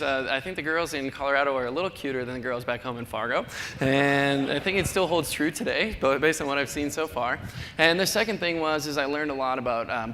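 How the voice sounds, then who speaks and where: A man in his thirties from North Dakota giving a chatty, self-deprecating conference talk in a large hall. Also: pushed and bright. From North Dakota, USA. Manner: chatty, self-deprecating, acts out quoted people in a higher voice. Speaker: conference speaker. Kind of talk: keynote talk. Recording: long hall reverb, faint noise.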